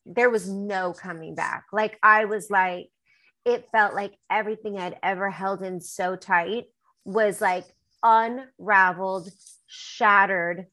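A woman's voice: mid-range voice, fairly even intonation, takes it slowly, bright, forceful tone, poor audio. A woman singer-songwriter being interviewed, talking candidly and emotionally in a rambling way with many fillers.

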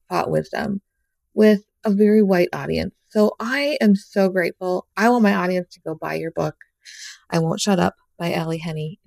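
A woman's voice: lowish voice, vocal fry, dry recording. A woman hosting a podcast interview, affirming and encouraging toward her guest. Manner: warm and affirming, quick to encourage and laugh along. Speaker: podcast host. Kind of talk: casual interview.

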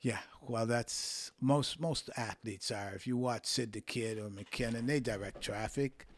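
A man's voice: medium pitch, no echo. Older man, coaching stories, dry sound. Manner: measured, acts out quoted voices. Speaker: hockey coach, guest. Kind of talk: relaxed interview storytelling.

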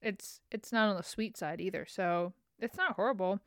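A woman's voice: mid-range voice, normal speed, few pauses, clean tone, no room sound, clean studio sound. A woman hosting her own podcast, chatting in a rambling, self-mocking way. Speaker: podcast host. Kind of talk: casual chat.

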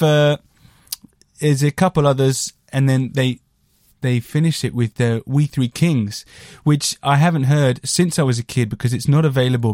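A man's voice: medium pitch, a little mellow, no room sound, studio quality. A man hosting a podcast, chatting casually about a record in a rambling, jokey way with crude asides. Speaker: podcast host reviewing a record. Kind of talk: casual chat.

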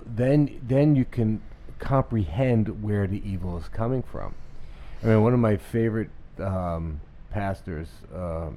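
A man with a low, mellow voice talks earnestly in a casual conversation with his co-hosts. He quotes sayings he likes, and his tone is relaxed and sincere. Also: slight background noise. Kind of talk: casual chat.

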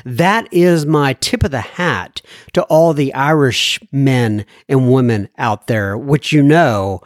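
A man's voice: mid-range voice, slow pace, no echo, studio quality. A man hosting a podcast, reading listener mail in a casual, jokey way and laughing at his own jokes. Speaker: podcast host.

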